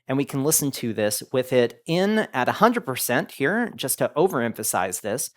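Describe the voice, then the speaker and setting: A man hosting a casual audio-gear tutorial, explaining settings step by step in a relaxed, chatty way. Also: medium pitch, normal speed. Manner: lively, relaxed explaining with many "go ahead" phrases.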